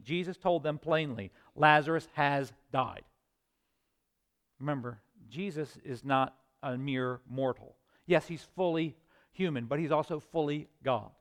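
A man delivers a sermon in a somewhat high voice. He reads scripture and acts out its voices dramatically, sinking to quiet, hushed lines and then rising to loud, forceful ones. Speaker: preacher.

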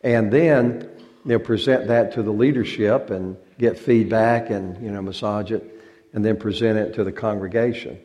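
A man's voice: lowish voice, fairly even intonation, moderate pace, warm tone. A male pastor giving an informal talk to a church congregation, folksy and joking and drawing out words for effect. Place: church sanctuary.

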